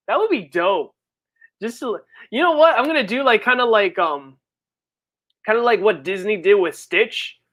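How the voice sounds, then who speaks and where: A streamer chatting casually on a live birthday stream, reading viewer messages and rambling in slang, with sudden high, excited outbursts. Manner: rambling, slangy, full of fillers. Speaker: livestreamer and comic creator.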